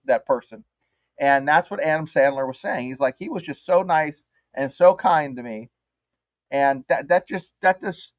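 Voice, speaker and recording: A man's voice: fairly high pitch, dry recording. A man co-hosting a podcast, rambling through his points with many restarts. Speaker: podcast co-host. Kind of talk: casual chat.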